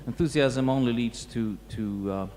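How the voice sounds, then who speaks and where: Man lecturing, thoughtful and halting, warm low tone, recorded in a reverberant hall with light hum. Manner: halting, many restarts and fillers, reflective. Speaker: museum curator giving a talk. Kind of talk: lecture talk to an audience. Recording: echoey hall with faint hum.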